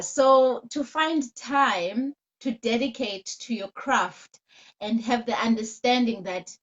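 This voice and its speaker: A woman hosting an interview on a video call, speaking slowly and with steady encouragement. Her voice sits a little high. The call audio is dull and lo-fi. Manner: warm, encouraging praise. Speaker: host. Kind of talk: online interview chat.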